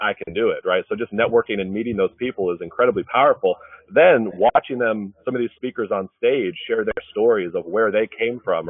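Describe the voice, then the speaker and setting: A man giving a fast, earnest motivational pitch, often checking in with "right?". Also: no echo. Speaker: webinar presenter. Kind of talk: motivational sales talk. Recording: dry tinny phone-like line.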